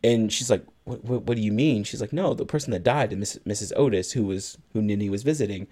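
A man's voice: fairly low pitch, a little fast, warm tone. A man co-hosting a podcast, retelling a film's plot at length and acting out bits of its dialogue in casual chat. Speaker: podcast co-host. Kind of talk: casual movie recap chat.

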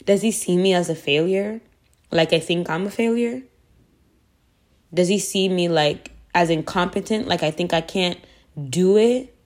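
A woman's voice: fairly low pitch, darkish tone. A woman hosting a devotional podcast, speaking earnestly and repeating phrases for emphasis. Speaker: faith podcast host.

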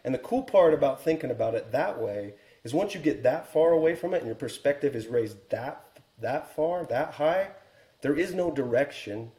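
A man in his forties tells a story as a podcast guest, earnest and reflective, pausing to restart his thoughts. His voice is mellow and warm, and the room around him has a noticeable echo. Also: medium pitch, animated. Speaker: guest, Air Force helicopter pilot and author.

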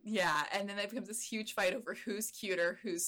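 A woman's voice: medium pitch, fairly quick, hardly any pauses, a bit bright. Chatty woman retelling a movie. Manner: chatty, enthusiastic storytelling. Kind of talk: casual movie discussion.

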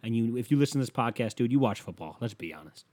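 A man's voice: mid-range voice, expressive, quick pace, darkish tone. A man hosting a solo podcast, ranting in a rambling, profane way, with a slight lisp on his s sounds. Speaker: podcast host.

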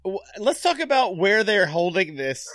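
A man hosting a casual movie discussion podcast, quick to joke and slip into voices. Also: high-pitched, sing-song, fairly bright tone. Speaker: podcast host.

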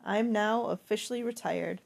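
A woman's voice: mid-range voice, normal speed, vocal fry. A woman reading aloud and voicing a tired middle-aged mother who speaks with wry good humor.

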